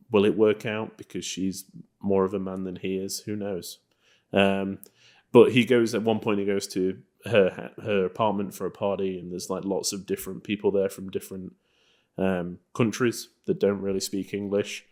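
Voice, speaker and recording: A man's voice: low-pitched, normal speed. A man co-hosting a film podcast, chatting casually about old movies with a loose, rambling manner and lots of fillers. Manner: relaxed, rambling, many fillers. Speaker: podcast co-host. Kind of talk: casual film review chat.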